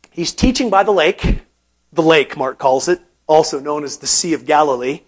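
A male pastor preaching a sermon, unhurried and emphatic, pausing often and repeating words for stress. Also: high voice.

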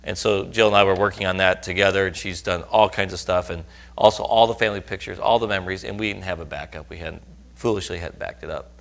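A man's voice: low-pitched, steady tone, fast talker, vocal fry, a bit bright. A middle-aged man preaching, telling a personal story earnestly and rising to emphatic outbursts. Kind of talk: sermon testimony.

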